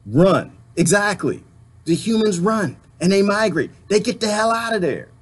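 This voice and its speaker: A man's voice: high voice, animated, normal speed. A man delivering an impassioned political rant to camera, full of rhetorical questions and mild swearing. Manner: emphatic, rhetorical questions, swearing, laughs often. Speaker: vlogger.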